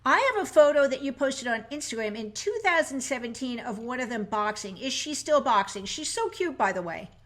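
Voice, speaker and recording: A woman's voice: fairly high pitch, expressive, a little fast, few pauses. A woman host interviewing a guest in a bubbly, enthusiastic way. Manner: bubbly, enthusiastic, laughs often. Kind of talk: upbeat interview.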